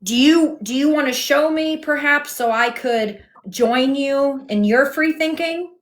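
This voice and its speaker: A fairly high-voiced woman runs a heated live debate from home on her phone. She is firm and sarcastic, cutting in over her guest and keeping control of the stream. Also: a little slow. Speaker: livestream host.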